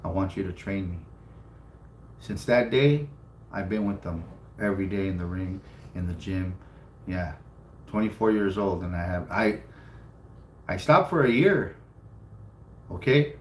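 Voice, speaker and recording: A man's voice: low voice, lively intonation, a little slow, long pauses, slight background noise. A middle-aged man from California telling a personal story in a casual live stream, blunt and swearing freely, often repeating himself for emphasis. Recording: roomy home room with faint ambience.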